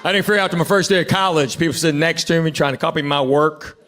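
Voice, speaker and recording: A man's voice: a little high, quick pace, fairly bright tone. A middle-aged man from Tennessee, telling stand-up stories in a dry way and acting out the people in them, on a theater stage with a handheld mic. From Knoxville, Tennessee. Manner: dry storytelling, acts out quoted people. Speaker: stand-up comedian. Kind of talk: stand-up comedy set. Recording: live show with crowd noise. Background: audience laughter.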